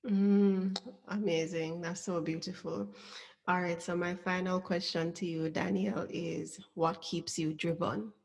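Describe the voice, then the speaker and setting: Slow, low-voiced woman host. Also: level tone, vocal fry. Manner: supportive, with frequent affirming murmurs. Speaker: podcast host. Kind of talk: interview. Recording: long reverb.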